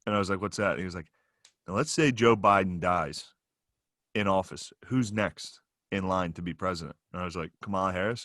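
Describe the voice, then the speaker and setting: A man's voice: deep voice, fairly bright tone. A man in his thirties chatting on a podcast, telling stories about his dad with lots of laughter and mimicked voices. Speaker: comedian co-host. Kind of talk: casual podcast chat.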